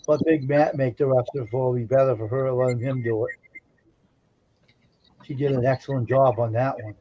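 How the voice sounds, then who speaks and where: A man of middle pitch, joking and chatting on a live stream. His voice comes through a little dull and lo-fi. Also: fairly even intonation, normal speed. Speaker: co-host. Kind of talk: casual chat.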